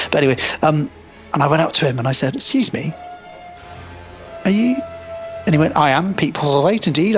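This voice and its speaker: A man around forty, co-hosting a podcast, telling a long rambling story in casual film chat. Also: on the high side. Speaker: podcast co-host.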